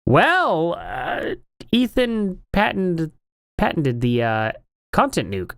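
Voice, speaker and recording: Male streamer, casual commentary, rambling and incredulous, very animated pitch, dry close sound. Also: slow, vocal fry, clean tone, no echo.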